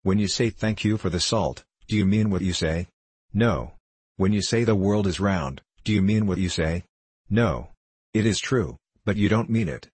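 A man's voice: sits low, normal speed, a little mellow, slightly rough, no echo. A man voicing a passionate young male poet in an audiobook reading, speaking in a declamatory way. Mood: gentle. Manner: impassioned, declamatory.

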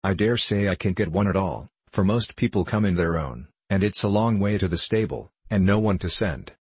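A man's voice: low-pitched, moderate pace, husky, no room sound. A man reading a classic novel aloud as an audiobook narrator, giving the characters only slight shifts of voice. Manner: reads all characters in a near-plain voice with slight shifts. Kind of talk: scripted narration.

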